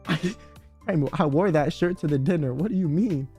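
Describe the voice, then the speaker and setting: High-voiced young man telling stories on stream. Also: husky, soft background music. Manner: animated, swearing, quick filler-heavy retelling with acted quotes. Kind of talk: casual storytelling on stream.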